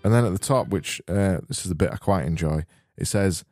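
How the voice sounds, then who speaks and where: A man's voice: deep voice, a little fast, hardly any pauses, a little mellow, no echo, clean studio sound, soft background music. A man hosting a podcast, rambling and interrupting himself through jokey banter and a spoof advert. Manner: rambling, self-interrupting, joking. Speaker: podcast host.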